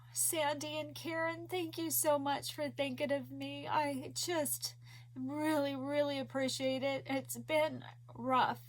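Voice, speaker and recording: A woman crochet vlogger chatting casually to her viewers, emotional and teary, soft-spoken. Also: sits high. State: tearful. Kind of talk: casual video chat.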